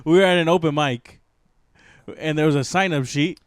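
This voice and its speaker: High-voiced man laughing through a story. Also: moderate pace, clear, resonant tone. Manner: laughs while telling a story, quotes others loudly. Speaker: podcast co-host. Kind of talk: casual chat.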